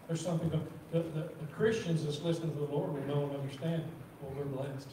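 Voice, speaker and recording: A man preaching a sermon in church, reading scripture slowly and repeating words as he talks. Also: fairly high pitch, steady tone. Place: church sanctuary. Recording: roomy echo from far off, faint noise.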